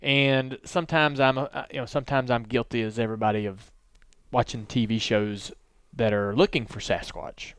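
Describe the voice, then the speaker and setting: A man hosting a podcast, telling stories in a relaxed, rambling way. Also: mid-range voice, normal speed, hardly any pauses, clean tone, dry recording. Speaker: podcast host. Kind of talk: casual podcast storytelling.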